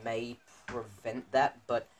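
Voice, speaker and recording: A man's voice: mid-range voice, flat delivery, slow pace, over a noisy crowd. A teenage boy co-hosting a casual podcast, talking in a rambling way with many fillers and restarts. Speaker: podcast co-host. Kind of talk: casual podcast chat among students. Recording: faint background noise.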